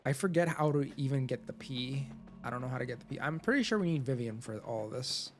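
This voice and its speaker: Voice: mid-range voice, lively intonation, a little fast. A game streamer giving live, rambling commentary, full of "like", while reading game text aloud. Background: video game music.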